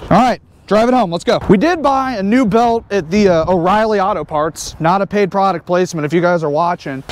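A man hosting a casual vlog outdoors beside a vehicle, excitable and full of jokes. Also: high-pitched, fairly quick, few pauses, slight background noise. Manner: excitable, joking, wisecracking. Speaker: host.

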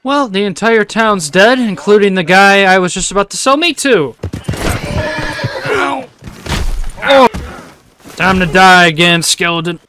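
A man giving live commentary on a video game, excitable, often yelling at what happens on screen. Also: sits high, a little slow, long pauses, music in the background. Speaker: gaming YouTuber.

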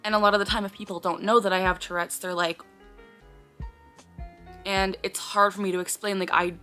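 A woman's voice: medium pitch, level tone, brisk, bright, forceful tone, soft background music. A woman talking casually to camera as a vlogger, earnestly explaining, often breaking off with sudden blurted words and sighs.

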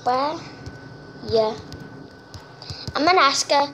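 A young woman giving chatty, excitable gameplay commentary, nervous and talkative, recorded on a phone. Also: high-pitched, slow pace, long pauses, a little hiss or hum. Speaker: gamer. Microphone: phone screen-recorder mic.

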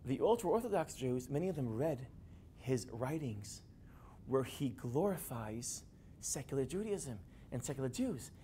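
A man giving a classroom lecture, animated and building to emphatic peaks. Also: medium pitch, measured pace, a little hiss or hum.

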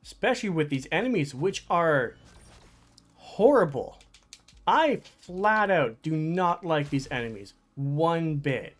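A man with a slightly high voice and lively intonation runs through a casual let's play, taking things slowly as he mutters to himself and bursts out in frustration. He hosts a gaming channel, and faint music sits behind him.

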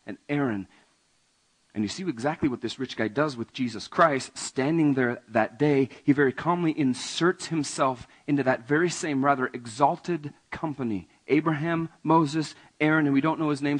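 A male pastor delivering a conversational sermon, often asking the congregation questions and swinging between raised emphasis and quiet asides. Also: medium pitch, breathy edge, low-quality recording. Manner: conversational, asks the audience questions.

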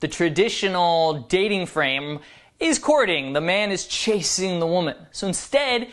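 A man's voice: high voice, big pitch swings, unhurried, fairly bright tone. Male dating coach, scripted advice video, emphatic and self-assured. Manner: confident, instructive, emphatic counting-down delivery.

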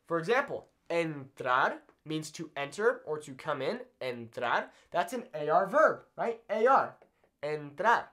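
Male teacher at a whiteboard, very animated intonation, patient and repetitive, checks in with viewers. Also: sits high. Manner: checks in often with "okay?" and repeats examples slowly. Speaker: Spanish teacher. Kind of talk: whiteboard language lesson. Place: indoors at a whiteboard.

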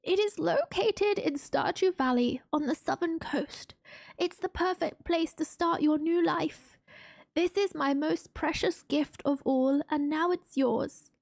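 A woman's voice: sits high, a little slow, gravelly, darkish tone, no echo, studio quality. A woman voicing a kind elderly grandfather reading a heartfelt farewell letter from a farming game. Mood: tender.

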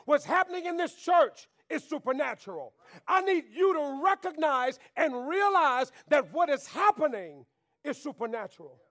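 A man preaching a sermon to his church. He calls on the congregation to talk back, rising to shouts and dropping to near whispers. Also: extremely high pitch, very animated, moderate pace. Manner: preaching with call-and-response, swings between shouting and quiet. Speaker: pastor. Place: church sanctuary.

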